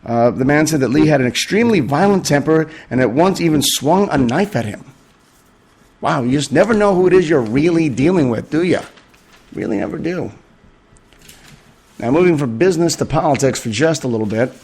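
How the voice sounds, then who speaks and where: A man's voice: fairly high pitch, animated, fairly quick, a little mellow, breathy edge. Sarcastic, rambling man hosting a podcast. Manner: sarcastic, rambling, full of fillers. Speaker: podcast host. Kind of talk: casual comedic monologue.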